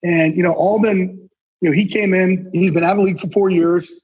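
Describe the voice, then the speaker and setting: A man's voice: high voice, fairly even intonation, brisk, a little mellow, slight background noise. A man guesting on a podcast, talking intensely and earnestly with salty language. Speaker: guest, sportswriter and NFL insider. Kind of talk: casual podcast conversation. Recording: dull lo-fi sound.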